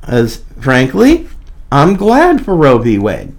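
A man's voice: mid-range voice, wildly swooping pitch, slow pace. A man hosting a podcast, giving a combative, mocking opinion monologue. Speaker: podcast host.

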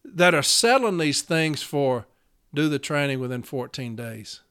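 A man's voice: a little high, lively intonation, unhurried, a bit bright, smooth. A man, hosting his podcast in an angry, profane solo rant. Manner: furious, profane, fiery. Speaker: podcast host.

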